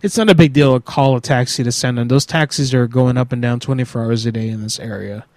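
Crude, swearing prank-calling streamer. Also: male voice, mid-range voice, fast, dry recording, low-quality recording. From Puerto Rico. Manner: crude, swearing, loud angry outbursts. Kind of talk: prank call livestream.

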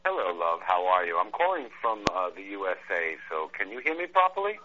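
A man's voice: low voice, big pitch swings, a little fast, background noise. A congested man playing a pushy American tourist in a prank phone call, rambling and mock-polite. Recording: tinny phone line.

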